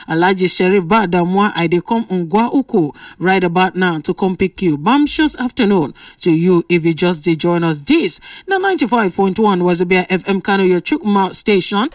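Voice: mid-range voice, lively intonation, moderate pace, few pauses, no echo, studio quality, distant mic. A radio host with a Nigerian accent, chatting with callers in a playful, teasing way. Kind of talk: lively call-in radio chat. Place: radio studio.

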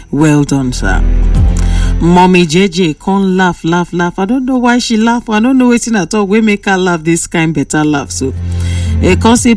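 A woman with a Nigerian Pidgin accent, hosting and reading out viewer messages in an animated, dramatic, teasing storytelling manner. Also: lowish voice, normal speed, distant mic, faint music behind. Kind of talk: casual storytelling commentary.

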